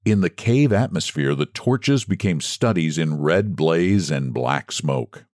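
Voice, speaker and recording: A man narrating a classic short story with expressive storytelling delivery, close to the mic. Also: deep voice, slow, dry recording.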